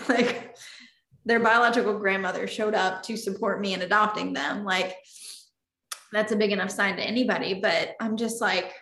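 A woman's voice: mid-range voice, fairly even intonation, normal speed, pushed and bright. A woman telling a personal story in an interview, earnest and openly emotional. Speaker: interview guest. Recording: roomy echo.

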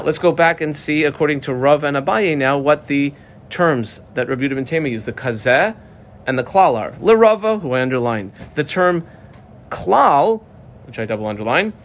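Lively man teaching a Talmud class. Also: on the high side, slight background noise. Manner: lively, conversational, mixes Hebrew-Aramaic terms into English.

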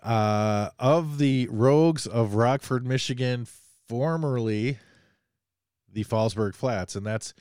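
A man's voice: lowish voice, a little mellow, smooth, no echo, clean studio sound. A man hosting a casual podcast, joking and rambling as he talks, a bit under the weather. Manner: joking, rambling, self-deprecating. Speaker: podcast host.

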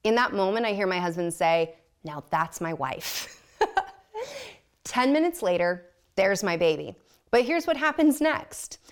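A woman's voice: mid-range voice, sing-song, a little slow. A woman guest on a podcast telling a personal story candidly, blunt and self-mocking, often laughing.

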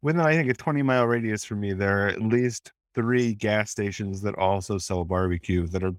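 A man's voice: on the low side, a little fast, no room sound, studio quality. A man from the American South co-hosting a casual movie review podcast, rambling and sometimes losing his train of thought. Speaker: podcast co-host.

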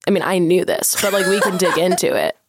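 A young adult woman from Philadelphia, a comedian guest on a podcast, telling stories in animated casual chat with many "like" fillers. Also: fairly low pitch, brisk, vocal fry, very noisy.

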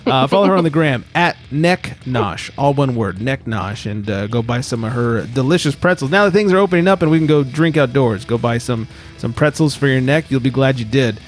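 A man's voice: mid-range voice, lively intonation, brisk, hardly any pauses, faint music behind. A man hosting a casual beer podcast, joking around and reading out short news stories. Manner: jokey, reads news stories aloud. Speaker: podcast host. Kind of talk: casual chat.

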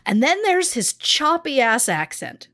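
A woman's voice: sits high, sing-song, slow, fairly bright tone, no room sound, clean studio sound. A woman co-hosting a true crime podcast, blunt and sarcastic as she recaps a case. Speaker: podcast co-host.

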